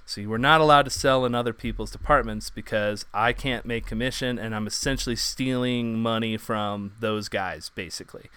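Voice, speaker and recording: A man's voice: on the low side, normal speed, hardly any pauses, pushed and bright, clean tone, no room sound. A man co-hosting a casual chat, telling rambling anecdotes full of fillers.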